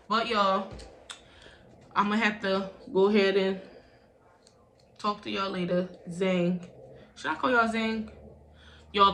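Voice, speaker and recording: Woman, beauty vlogger, casual and talkative, mid pitch, recorded at home with roomy echo. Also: fairly bright tone. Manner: chatty, says "y'all" constantly. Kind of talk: casual product review. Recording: roomy echo, faint background hum.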